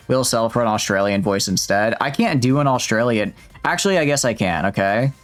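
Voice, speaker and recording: A man's voice: medium pitch, animated, a little fast, faint music behind. A young man casually streaming a game, reading the dialogue aloud and joking with his chat, with a slightly sore throat. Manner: jokey, chatty, reads lines out with asides to chat.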